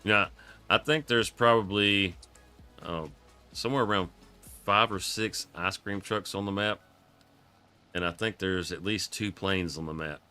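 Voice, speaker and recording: A man's voice: sits low, unhurried, long pauses, sharp tone, smooth, soft background music. A man giving casual, rambling live commentary on a farming game, chuckling often, his voice froggy from coughing.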